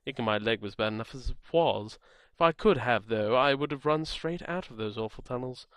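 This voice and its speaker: A man's voice: medium pitch, fairly quick, fairly bright tone, clean tone, no echo, lightly acted. Man putting on grave British narrator. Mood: grim. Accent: put-on British. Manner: reads game text as grave first-person narration. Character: uneasy amnesiac grown man exploring dark tunnels.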